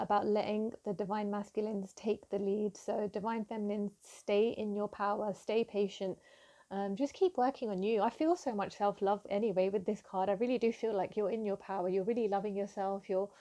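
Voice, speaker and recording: A woman giving a gentle, affirming tarot reading to camera, with frequent ums and restarts. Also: medium pitch. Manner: giggly and excited at times. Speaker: tarot reader.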